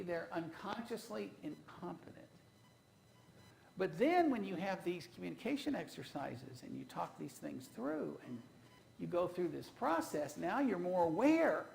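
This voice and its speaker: A man preaching in church with a heavily gravelly, creaky voice pitched a little high. He tells homespun stories and keeps turning to the congregation with rhetorical questions. A faint hiss of noise runs under him. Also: sing-song, a little slow, darkish tone, rough recording. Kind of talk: sermon.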